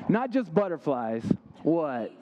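A man's voice: fairly high pitch, sing-song, slow, warm tone, lo-fi sound. A young man giving an interactive sermon, quizzing his listeners and making playful asides. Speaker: youth camp speaker.

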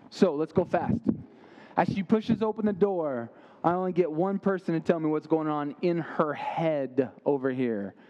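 A man's voice: on the high side, mellow, dull audio. A young man giving an interactive sermon, quizzing his listeners and making playful asides. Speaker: youth camp speaker.

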